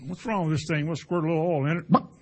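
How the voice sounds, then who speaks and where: Folksy, husky-voiced male preacher. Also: on the high side, rapid-fire. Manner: folksy, animated storytelling with sound effects. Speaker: pastor. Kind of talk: conversational sermon.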